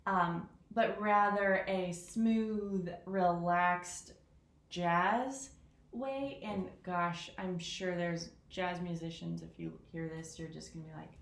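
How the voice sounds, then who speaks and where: A woman talking casually through how she practices a piano piece, chatty and self-deprecating, counting rhythms out loud. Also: lowish voice, fairly even intonation, takes it slowly. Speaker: piano teacher. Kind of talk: casual piano lesson vlog. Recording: echoey room with piano. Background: piano playing.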